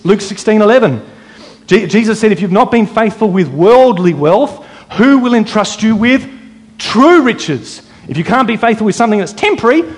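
High-voiced man preaching a sermon. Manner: teaching from scripture, quoting verses, asking the congregation questions.

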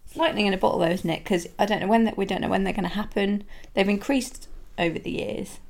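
A woman's voice: mid-range voice, fairly even intonation, fast talker, creaky, darkish tone. A woman co-hosting a podcast in casual chat, playful and self-mocking. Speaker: podcast co-host.

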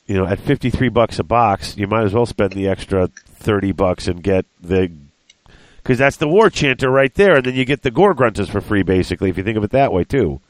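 A man's voice: on the low side, animated, fairly quick, dry recording. A man in casual hobby chat, thinking aloud as he works out prices and corrects himself.

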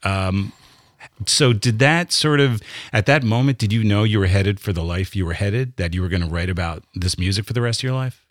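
A man's voice: lowish voice, fairly quick, no echo. A man interviewing a guest, asking long conversational questions with short backchannels.

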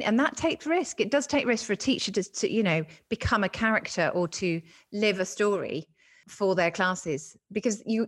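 A woman interviewing an author, attentive and encouraging, adding soft murmurs of agreement. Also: medium pitch. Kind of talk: interview conversation.

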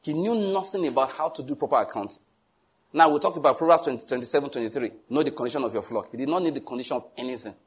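A man preaching a sermon in an animated, joking way, with pleading asides to the congregation. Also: mid-range voice, rapid-fire, slightly rough.

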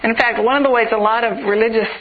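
A woman's voice: fairly high pitch, fairly even intonation, fast talker. Woman preaching over tinny radio. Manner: earnest, builds in rhythmic repeated phrases. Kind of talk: sermon. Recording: tinny phone-like radio broadcast.

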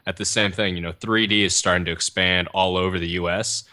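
A man hosting an archery podcast, talking in a relaxed, conversational way. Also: low-pitched, brisk, no echo, clean studio sound. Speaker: podcast host. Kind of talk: casual podcast talk.

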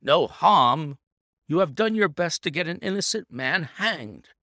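A man's voice: medium pitch, very animated, normal speed, bright, forceful tone, dry recording, clean studio sound. A man voicing a blustering middle-aged police inspector in a read-aloud detective story, speaking indignantly. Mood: scolding. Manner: indignant, scolding.

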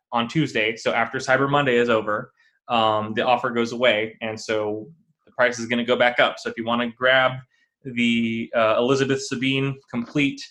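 A male host guides a casual interview in a relaxed tone. He fills his sentences with frequent ums and uhs. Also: mid-range voice. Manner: relaxed, many fillers.

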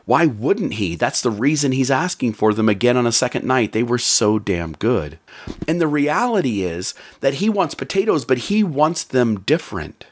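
A man's voice: medium pitch, very animated, normal speed. A man giving an earnest motivational talk about relationships, repeating phrases for emphasis.

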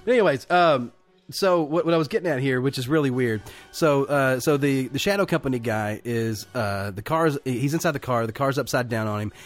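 A man co-hosting a casual movie podcast, retelling scenes with lots of swearing and loud acted-out quotes. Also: a little fast, faint music behind. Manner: animated, acts out movie lines with loud high quotes, swears a lot. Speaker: podcast co-host. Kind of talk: casual movie-review chat.

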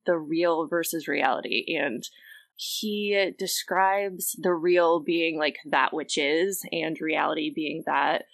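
A woman's voice: sits low, steady tone, slow pace, creaky, no room sound. A woman co-hosting a podcast, explaining ideas from a book in casual talk full of "like" and "um". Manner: casual, lots of "like" and "um". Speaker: podcast co-host.

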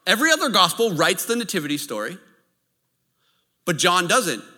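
Bright, animated preacher man in a reverberant hall. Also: sits high, moderate pace. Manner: lively storytelling, checks in with the audience. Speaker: pastor. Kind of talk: sermon.

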